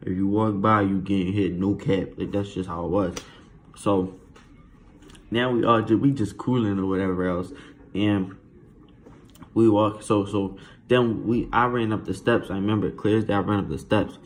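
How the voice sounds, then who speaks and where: Guy telling a storytime vlog, slangy and animated, lowish voice, bit of noise. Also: normal speed, pauses often.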